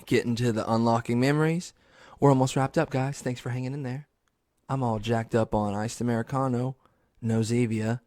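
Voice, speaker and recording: Animated, swearing young man podcaster. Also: moderate pace, dry recording, studio quality. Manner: animated, swears a lot, jumps into high squeaky yells for emphasis. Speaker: podcast host. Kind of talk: solo comedic storytelling.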